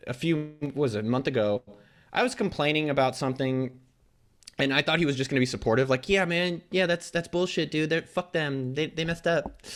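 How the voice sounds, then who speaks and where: Man, blunt and quick, casual guest interview, salty language, medium pitch. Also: a bit bright. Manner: blunt, fast, swears freely, acts out quotes. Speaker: guest entrepreneur.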